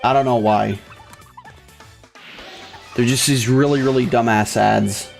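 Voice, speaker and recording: A young man of ordinary pitch rambles through a profane, filler-heavy rant. His talk is casual and scattered as he hosts a gaming video. Faint game music plays behind him. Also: steady tone, a little slow, gravelly. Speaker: gaming channel host. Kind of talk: casual ranting commentary over gameplay.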